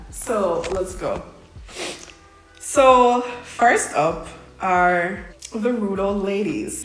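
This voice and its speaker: A young woman tells a story casually, full of slang, animated and laughing along. Her voice sits in a middle range. It sounds like it was recorded a bit away from the mic, in a very echoey room. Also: mid-range voice, recorded from a distance. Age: young adult. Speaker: vlogger.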